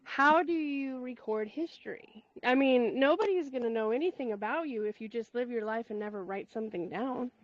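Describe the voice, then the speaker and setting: A woman with a slightly high voice hosts a spiritual community call on a call mic, speaking at a normal speed with few pauses. Her chat is casual, rambling through asides with lots of laughs. The sound is lo-fi with no echo.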